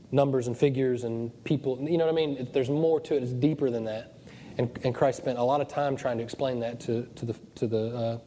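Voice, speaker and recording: A man's voice: mid-range voice, dark tone, slight background noise. A man preaching a sermon as pastor of his church, joking and digressive as he goes. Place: church hall. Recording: long church reverb.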